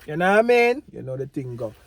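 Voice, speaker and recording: A man's voice: a little high, sing-song, quick pace, crowd noise. A Jamaican man talking casually to his viewers outdoors, rambling and often repeating "you know what I mean" and "family". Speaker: vlogger. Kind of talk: casual talk to camera. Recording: loud street and traffic noise.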